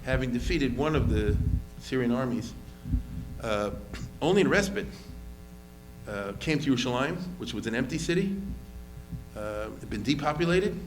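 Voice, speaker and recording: In a medium-pitched voice at a moderate pace, a man lectures informally on history as a rabbi, chatting casually, restarting often, filling gaps, and acting out quoted lines with energy. The audio carries a little hiss or hum.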